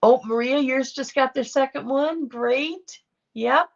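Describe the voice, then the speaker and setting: Middle-aged woman, livestream host, unhurried and gravelly, chatty and affectionate, dull home-stream sound. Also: high voice. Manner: chatty, affectionate, reacts to viewer comments. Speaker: livestream host reading chat. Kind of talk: casual livestream chat.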